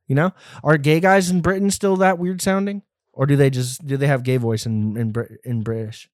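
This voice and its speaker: A man's voice: mid-range voice, fairly even intonation, normal speed, no room sound, studio quality. A man hosting a comedy podcast alone, rambling and profane in a self-deprecating way. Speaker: podcast host. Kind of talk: solo comedy podcast monologue.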